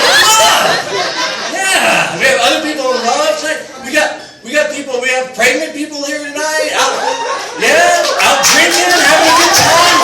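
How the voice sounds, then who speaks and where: Middle-aged guy doing standup, real high bouncy voice, crude rambling jokes, loud crowd laughing, roomy hall. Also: heavy background noise. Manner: rambling, self-mocking, crude, loud asides to the audience. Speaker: stand-up comedian. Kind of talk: live stand-up set. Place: comedy fundraiser venue with live audience. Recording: echoey room from far off with loud crowd.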